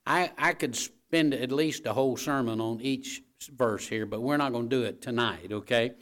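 A man's voice: mid-range voice, moderate pace, a bit bright. A middle-aged man preaching a folksy sermon. He talks conversationally, tells jokes and home stories, and keeps checking in with the congregation. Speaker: pastor.

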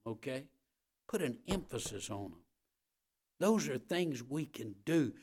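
A man preaching a Wednesday night sermon with passion, rising and falling in force, repeating phrases and stumbling on repeated starts. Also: mid-range voice. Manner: impassioned preaching that rises and falls, with repeated phrases. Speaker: pastor.

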